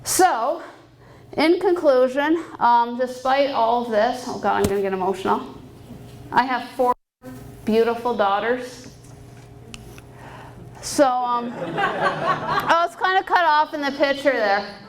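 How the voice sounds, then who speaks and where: At a fundraising banquet, a guest speaker from Canada, a private pilot in her thirties, talks candidly and upbeat about her life, laughing often. Her voice is high, her pace slow with long pauses. The recording is low quality, with some hiss or hum.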